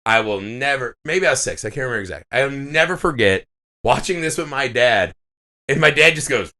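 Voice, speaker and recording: A medium-pitched male voice, a little fast, belongs to a podcast co-host chatting casually. He tells his stories with animation and lots of swearing.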